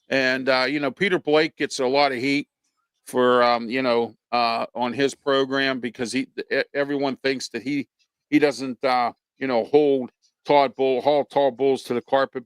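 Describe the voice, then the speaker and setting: A man's voice: medium pitch, clear, resonant tone, dry recording. Blunt rambling sports show host, man. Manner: blunt, rambling, many fillers. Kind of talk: casual sports talk.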